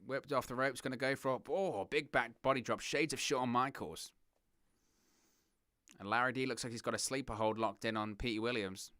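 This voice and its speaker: A young man from southern England with a southern English accent, hosting a wrestling watch-along with excitable play-by-play commentary. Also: medium pitch, moderate pace, no echo, studio quality. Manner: excitable play-by-play, giggles at puns, reads chat.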